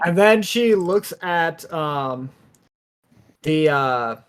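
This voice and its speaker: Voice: medium pitch, drawn-out words, clean tone. A player in a tabletop game narrating their character's actions casually, joking and swearing freely. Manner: profane, joking, animated.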